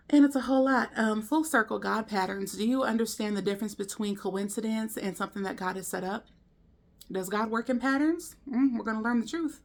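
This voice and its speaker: Chatty woman teaching discipleship. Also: medium pitch. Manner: conversational, full of rhetorical questions; frequent ums and restarts. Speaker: ministry leader presenting a discipleship course. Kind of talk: casual teaching to camera.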